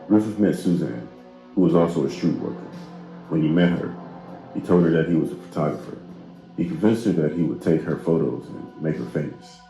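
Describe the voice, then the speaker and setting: A man narrating a true crime story in steady, grave scripted narration. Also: rumbling low, gravelly. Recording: roomy narration with faint music.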